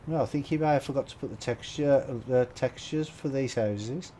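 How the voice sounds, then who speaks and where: A man's voice: mid-range voice, normal speed, mellow, slight background noise, poor audio. A man with a Brummie accent giving chatty live-stream commentary while playing, greeting viewers and laughing often. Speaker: game streamer.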